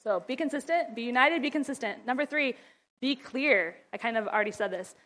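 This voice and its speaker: Woman, higher-pitched, casual and chatty, acts out quotes while teaching moms. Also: animated, brisk, fairly bright tone. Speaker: speaker teaching mothers.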